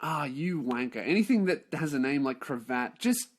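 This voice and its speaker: A young man rants through a comedy podcast bit, swearing freely and building up mock outrage. His voice sits a little high for a man. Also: expressive, moderate pace. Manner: profane, exaggerated outrage. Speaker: podcast host. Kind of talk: comedic rant.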